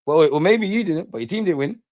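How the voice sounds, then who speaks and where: A man's voice: on the high side, expressive, a little fast, a little mellow, no echo, studio quality. A young man hosting a live football reaction stream, bantering, mocking rival fans and reading chat aloud. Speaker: football fan channel host.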